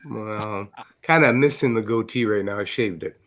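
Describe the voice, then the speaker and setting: A man's voice: lowish voice, normal speed, a bit bright. A man joining a casual chat as a guest, who teases the others affectionately. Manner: teasing and affectionate. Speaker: call-in guest. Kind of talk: casual banter.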